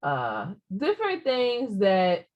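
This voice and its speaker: A middle-aged woman talks casually with her daughter on a podcast, her voice animated and full of laughter. She slips into playful mock threats now and then. The audio sounds slightly dull and lo-fi. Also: mid-range voice, slow pace. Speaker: podcast co-host, mother. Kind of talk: casual chat.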